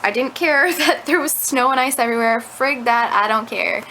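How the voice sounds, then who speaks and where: A woman's voice: on the high side, moderate pace, sharp tone, a little hiss or hum, rough recording. A young woman telling a rambling story to her camera at home, full of "like" fillers. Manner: chatty, rambling, lots of "like" fillers. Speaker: vlogger. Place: at home indoors. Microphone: camera mic.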